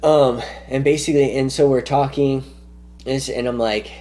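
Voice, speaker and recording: A man speaking to camera with a dark, mellow tone, recounting a personal ordeal. He rambles and circles back, repeating "he goes" and restarting sentences. His delivery is earnest and insistent. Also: mid-range voice, fairly even intonation, moderate pace. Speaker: vlogger telling his own story. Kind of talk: rambling first-person account.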